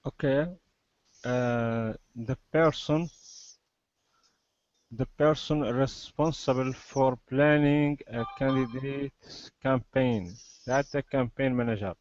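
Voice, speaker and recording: A man student reading a definition aloud slowly and carefully in an online English class. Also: medium pitch, a little mellow, dry recording. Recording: dull lo-fi video call audio.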